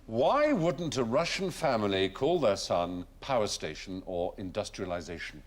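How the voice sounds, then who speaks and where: A man's voice: lowish voice, sing-song, normal speed. A man hosting a panel quiz show, articulate and playful, often laughing. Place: studio before a live audience. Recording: studio with loud audience and noise.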